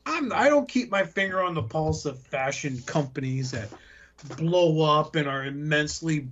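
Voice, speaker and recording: A man's voice: fairly high pitch, a bit bright, husky. A man hosting a podcast, ranting sarcastically and swearing constantly in casual banter. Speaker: podcast host. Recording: slightly muffled lo-fi audio.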